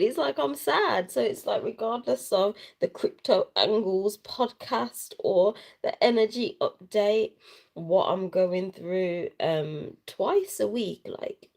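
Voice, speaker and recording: Subdued woman, low gravelly voice. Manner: rambling, soft-spoken, trailing off. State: sad and tearful. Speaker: vlogger. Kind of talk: unplanned livestream chat. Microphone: handheld phone.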